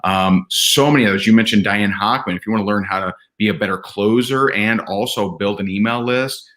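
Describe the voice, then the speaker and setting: A man telling personal stories as a podcast guest, earnest and animated, often restarting his sentences. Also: fairly low pitch. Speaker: podcast guest, event speaker. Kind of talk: candid conversational storytelling.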